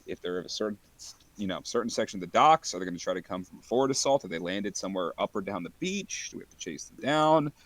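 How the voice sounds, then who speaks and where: A man playing in a tabletop game, rambling through plans out loud in a frustrated way. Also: on the low side, no room sound. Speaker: tabletop player.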